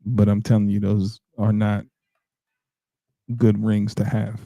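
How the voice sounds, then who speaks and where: A man's voice: on the low side, takes it slowly, gravelly, no room sound. A man in his forties co-hosting a podcast, talking bluntly in casual chat. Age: 40s. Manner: blunt, animated, laughing and ranting. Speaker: podcast co-host.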